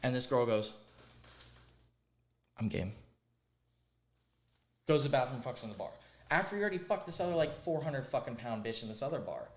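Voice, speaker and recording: Podcast host, man, loud storyteller with a mid-range voice, roomy echo. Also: mid-range voice, brisk, long pauses. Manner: crude, animated, emphatic storyteller. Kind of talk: casual storytelling chat.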